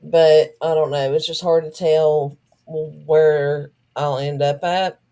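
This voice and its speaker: A woman's voice: low-pitched, little pitch movement, slow, mellow, smooth. A woman co-hosting a livestream, frank and joking. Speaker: co-host. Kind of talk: casual livestream chat.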